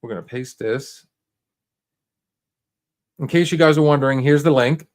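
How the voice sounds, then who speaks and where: Man, livestream host, casual and rambling, mid-pitched, lots of restarts. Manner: rambling, halting, many restarts and fillers; laid-back and encouraging, talks straight to viewers.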